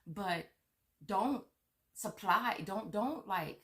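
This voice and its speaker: A woman's voice: medium pitch, lively intonation, extremely slow, pushed and bright. A woman vlogger furiously ranting to her viewers, swearing, stammering and repeating herself. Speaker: vlogger on money-saving apps. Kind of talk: angry rant to viewers.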